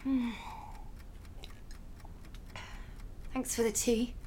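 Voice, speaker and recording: A woman's voice: fairly high pitch, level tone, normal speed, mellow, a little hiss or hum, close to an everyday voice. An actress playing a troubled teenage girl about to leave for university, tense and defensive. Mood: sullen. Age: late teens. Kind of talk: radio drama acting.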